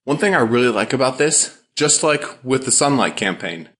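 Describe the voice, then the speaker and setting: A man hosting a podcast, giving upbeat, enthusiastic commentary in a quick, rapid-fire delivery. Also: mid-range voice, expressive, a bit bright. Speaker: podcast host.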